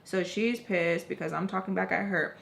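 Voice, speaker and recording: A woman's voice: fairly low pitch, normal speed, gravelly. A young adult woman telling a personal story on her vlog, casual and profane, with constant filler words and emphatic asides. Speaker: storytime vlogger.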